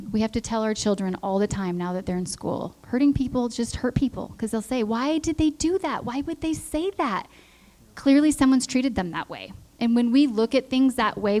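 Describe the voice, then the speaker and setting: Middle-aged female church speaker, conversational sermon delivery, animated storyteller who voices quotes. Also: medium pitch.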